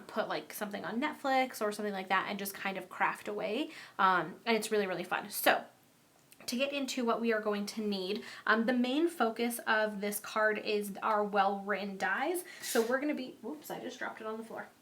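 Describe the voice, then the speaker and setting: A woman's voice: mid-range voice, fairly bright tone. A young woman chatting casually and upbeat through a card-making tutorial, with frequent ums.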